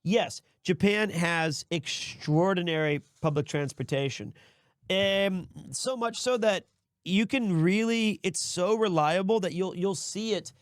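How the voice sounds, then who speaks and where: A man's voice: sits high, a little slow, dry recording, studio quality. A man hosting a stream, chatting casually and rambling while building a model set, often restarting his sentences. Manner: rambling, self-correcting, easygoing. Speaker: streamer host.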